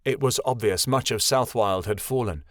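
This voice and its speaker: A man's voice: lowish voice, moderate pace, dry recording, studio quality. Man narrating a fantasy audiobook. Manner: steady storytelling, voices every character.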